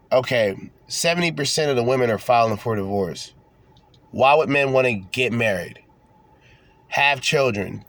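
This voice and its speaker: Young guy on his podcast, mocking and swearing, mid-pitch voice. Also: a bit bright, no echo. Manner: sarcastic, profane, mocking asides. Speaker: podcast host. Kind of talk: casual unscripted rant reading articles aloud.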